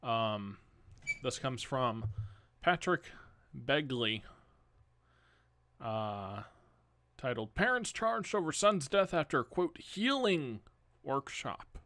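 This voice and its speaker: Young male podcast host, unhurried news reading with offhand commentary, dry mic. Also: medium pitch, expressive, bright, forceful tone, dry recording. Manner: casual, rambling asides and self-corrections.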